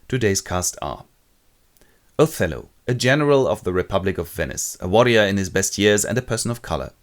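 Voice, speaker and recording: A man with a low voice that moves lively up and down, narrating a comic retelling of a classic play. He is wry and sardonic throughout. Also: fairly quick.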